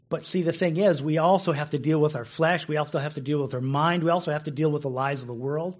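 A man's voice: a little high, fairly even intonation, fast, few pauses. A man preaching a casual, conversational sermon who laughs often and repeats words as he goes. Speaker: pastor.

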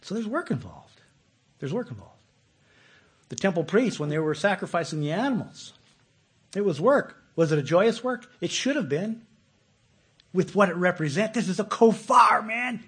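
Husky-voiced man preaching casually. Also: high voice, moderate pace. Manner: conversational, animated, often asks listeners questions. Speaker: pastor. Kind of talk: sermon.

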